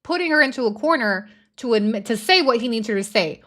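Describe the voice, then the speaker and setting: A woman's voice: a little high, lively intonation, fast talker, few pauses, a bit bright. Blunt, emphatic woman host commenting. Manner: blunt, emphatic, casual swearing. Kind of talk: commentary on a recorded call.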